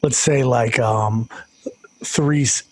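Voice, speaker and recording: Husky-voiced man talking blunt slang. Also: medium pitch, slow pace, darkish tone. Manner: blunt, slangy, says "dude" a lot. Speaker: comedian guest. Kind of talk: casual podcast chat.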